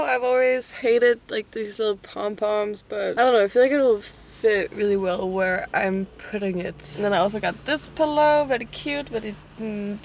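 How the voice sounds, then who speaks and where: A young woman in her twenties chats at home between bites of food, swearing freely and laughing a lot. Her voice sits at an ordinary middle pitch. A faint noise runs under the recording. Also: a little mellow. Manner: candid and chatty, swearing and laughing often. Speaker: vlogger. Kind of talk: casual chat while eating and showing a haul.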